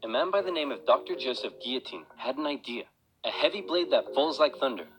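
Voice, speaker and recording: Wry, deadpan male comedy narrator. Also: mid-range voice, a little fast, background noise.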